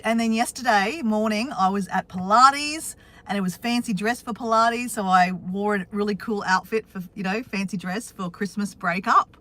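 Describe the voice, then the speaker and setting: A woman's voice: medium pitch, normal speed, sharp tone. Australian woman, live stream chat, in a car, chatty, greets viewers by name.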